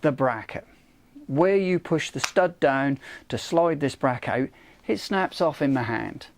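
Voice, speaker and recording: A man's voice: animated, measured pace, creaky, a little hiss or hum. A middle-aged man ranting casually about a cheap product, exasperated and swearing, with many "you know"s. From United Kingdom. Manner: exasperated, swears, repeats "you know", rising pitch when angry. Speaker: vlogger reviewing a product.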